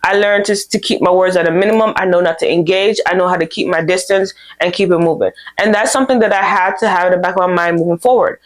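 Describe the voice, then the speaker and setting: A young woman hosting a vlog, giving candid, casual advice and telling stories with lively quoted dialogue. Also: lowish voice, fast talker, few pauses. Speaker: vlog host. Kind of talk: casual advice talk to camera.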